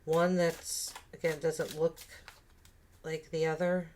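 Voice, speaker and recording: Low-voiced lady reading tarot cards, thinking out loud, bit of faint hiss behind. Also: flat delivery, slow pace. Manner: musing, thinking aloud with many fillers and restarts. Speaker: tarot reader. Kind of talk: casual spoken tarot reading.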